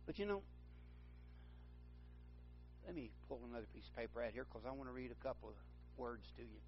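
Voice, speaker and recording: A man's voice: mid-range voice, animated, fairly quick, muffled recording, faint music behind. A man preaching a sermon, rambling and correcting himself, then building to fervent emphasis.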